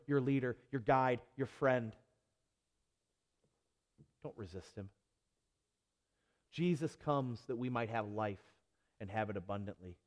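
A male pastor preaching a sermon with impassioned, repetitive emphasis, then leading a prayer. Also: medium pitch. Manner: impassioned, repeating phrases, building to emphatic peaks. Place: church sanctuary. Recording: long hall reverb.

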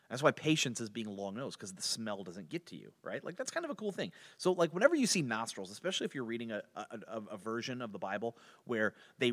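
A man teaching an informal Bible study with frequent restarts and chuckles between points. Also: mid-range voice. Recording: long hall reverb.

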